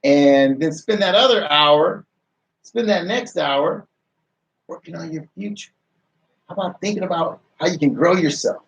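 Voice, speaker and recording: A man's voice: fairly high pitch, measured pace, far from the mic, muffled recording. Man hosting a motivational radio talk. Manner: rhetorical questions, repeats phrases, restarts. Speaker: radio show host.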